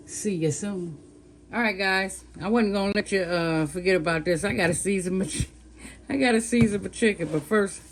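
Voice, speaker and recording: A woman over fifty with a deep, slightly mellow voice chats casually with her viewers while seasoning and frying chicken in a cooking vlog. There's a little hiss or hum in the recording.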